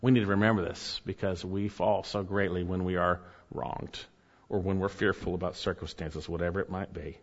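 A man's voice: sits low, steady tone, normal speed. A man preaching a sermon as pastor, earnest, with rising emphasis and asides to the congregation. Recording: dull, hall reverb.

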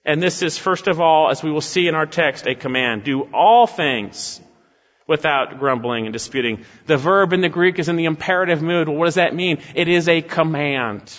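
A man's voice: fairly high pitch, normal speed, fairly bright tone. Man, pastor, expository sermon, emphatic, rhetorical questions, slightly dull sound, echoey church hall. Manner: emphatic, repeated rhetorical questions ending in "right?".

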